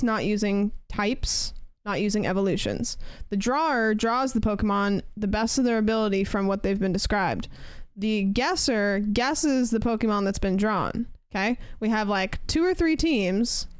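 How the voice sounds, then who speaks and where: A woman's voice: medium pitch, clear, resonant tone, no echo. Chatty young woman streamer, dry close sound. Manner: chatty, rambling, reads and answers chat. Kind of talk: casual chat while gaming.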